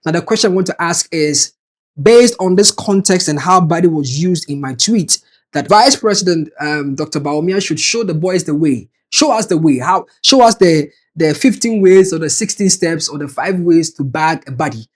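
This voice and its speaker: A man's voice: a little high, moderate pace. A man reading online comments aloud and answering them in a casual, sarcastic commentary. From Ghana. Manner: animated, sarcastic, swings between loud and quiet asides. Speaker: media personality.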